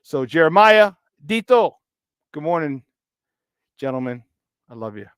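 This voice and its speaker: Man in his fifties, sports talk host, bantering with the chat, slightly high voice, dry close sound. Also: very animated, unhurried, a bit bright, smooth, no room sound. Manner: greets chat viewers, laughs often, banter. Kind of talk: casual livestream chat.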